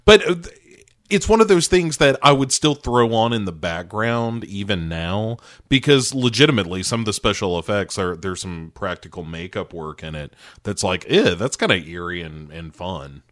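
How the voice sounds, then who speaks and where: A man's voice: on the low side, animated, normal speed, fairly bright tone. An American man co-hosting a podcast, chatting casually about movies in a rambling, wry way. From United States. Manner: rambling, wry, breaks into laughs. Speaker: podcast co-host.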